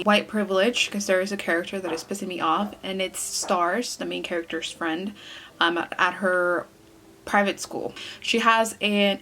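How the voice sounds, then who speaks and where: A woman's voice: mid-range voice, a bit bright, a little hiss or hum. A young woman vlogging casually to her viewers, chatty and earnest, with frequent fillers and self-corrections. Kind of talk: casual vlog talk to camera.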